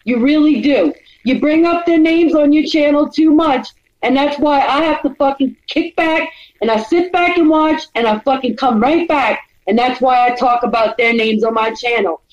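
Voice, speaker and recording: Brief: angry woman streamer, high voice, swearing tirade, dull muffled audio. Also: normal speed, darkish tone. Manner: furious, profane, repetitive and threatening. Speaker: livestreamer. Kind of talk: angry confrontational rant.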